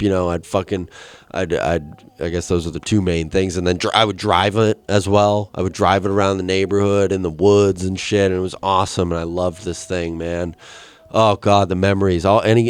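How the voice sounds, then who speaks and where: A young man hosting a casual solo podcast, telling a rambling, profane story and jumping into high, excited quoted voices. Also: clear, resonant tone. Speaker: podcast host.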